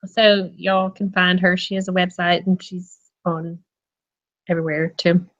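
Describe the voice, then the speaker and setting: A woman's voice: fairly low pitch, level tone, measured pace, fairly bright tone, highs cut off. A woman from North Carolina hosting an online interview in casual chat, laughing often and rambling a little. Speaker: interview host.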